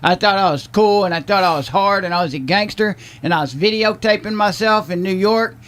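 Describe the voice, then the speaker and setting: A man's voice: high-pitched, brisk, fairly bright tone. A man hosting a live studio music show, chatting casually and laughing with his guests. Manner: casual, laughing, drawling banter. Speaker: radio show host. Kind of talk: casual chat.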